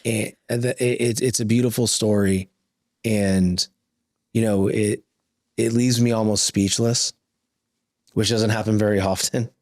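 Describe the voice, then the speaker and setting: A man hosting an interview, encouraging and affirming his guest, quick to laugh. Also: lowish voice, fairly even intonation, a little mellow, dry recording, studio quality. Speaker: podcast host. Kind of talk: interview conversation.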